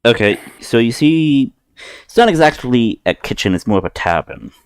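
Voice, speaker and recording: A man narrating as game master of a tabletop game, slow and halting, with many fillers. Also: medium pitch, big pitch swings, clean tone, no echo, clean studio sound.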